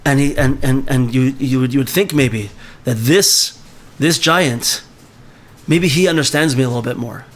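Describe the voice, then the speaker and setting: A man's voice: mid-range voice, normal speed. Conversational man leading a book study. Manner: conversational, often checks in with "right?". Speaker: book club leader. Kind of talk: teaching and reading aloud.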